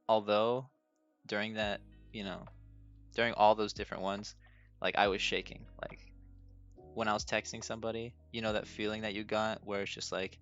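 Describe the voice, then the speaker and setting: A man's voice: fairly low pitch, gravelly, sharp tone. A young man hosting a casual solo podcast, telling stories with frequent laughs and a self-deprecating manner. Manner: laughs often, self-deprecating, acts out his own nervous stammering. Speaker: podcast host. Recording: dull lo-fi audio with faint music.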